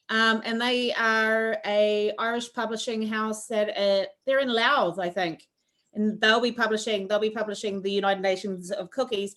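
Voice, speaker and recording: A woman's voice: medium pitch, a bit bright. A woman teaching a cooking class over a video call, chatty and rambling with lots of fillers. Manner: rambling, friendly, with filler words.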